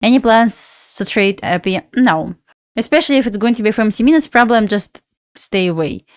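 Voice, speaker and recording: A woman's voice: mid-range voice, lively intonation, a little fast, no echo, studio quality. A woman from Belarus with a Belarusian accent, chatting casually on a live stream and answering viewers' questions. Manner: chatty, reads out viewer questions and answers them, laughs often. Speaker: livestream trading host.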